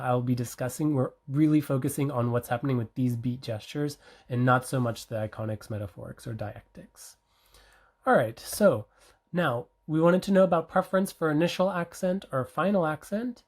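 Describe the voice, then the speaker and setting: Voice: medium pitch, darkish tone. A researcher giving an academic conference presentation, explaining step by step with frequent fillers and self-corrections.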